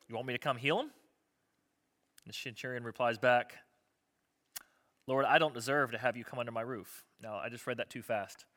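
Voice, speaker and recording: A man's voice: medium pitch, a bit bright. A man, a pastor, preaching a sermon in a conversational, joking way, acting out the voices of people in the story.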